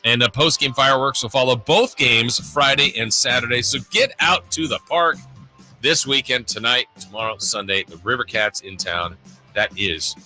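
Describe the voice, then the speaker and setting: A man's voice: mid-range voice, normal speed, pushed and bright, soft background music, poor audio. A man co-hosting a sports radio show, reading an upbeat weekly promo segment. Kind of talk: reading a sponsored segment and casual chat. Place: radio studio.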